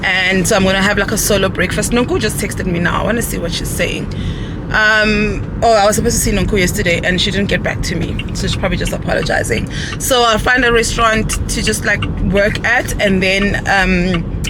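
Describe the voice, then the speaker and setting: A woman's voice: medium pitch, brisk. Woman, South African accent, casual vlog chat, thinking aloud, street noise behind. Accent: South African English. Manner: chatty, thinking aloud with fillers. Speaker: vlogger. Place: in a car and outdoors on the move.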